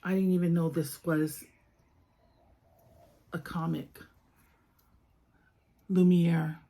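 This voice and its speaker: Slow, gravelly-voiced woman gushing softly. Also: fairly low pitch, flat delivery. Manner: soft-spoken, often dropping to a whisper; gushing over each toy. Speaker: toy collector vlogger. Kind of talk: casual unboxing chat.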